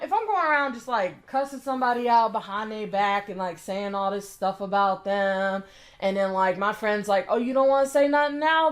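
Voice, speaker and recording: A woman giving a blunt, exasperated reaction commentary, cussing as she picks apart someone's story. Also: on the high side. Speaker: commentary YouTuber.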